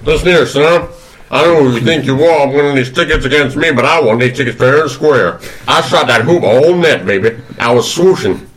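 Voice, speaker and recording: A British man putting on a drawling old Southern American gentleman who brags and calls everyone son. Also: mid-range voice, fairly quick, natural voice, rough recording. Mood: boastful. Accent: put-on American Southern drawl.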